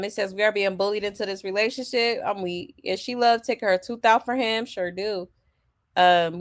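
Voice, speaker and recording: A woman's voice: medium pitch, fairly bright tone. A woman hosting a casual celebrity gossip commentary, sassy and exasperated, reading out viewer comments and laughing along. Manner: sassy, exasperated, full of asides.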